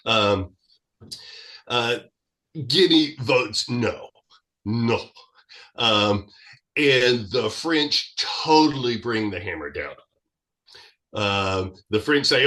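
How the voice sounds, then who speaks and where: A man speaking as a guest in an interview, explaining history at length in a lively, expansive way. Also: on the low side, drawn-out words, pauses often.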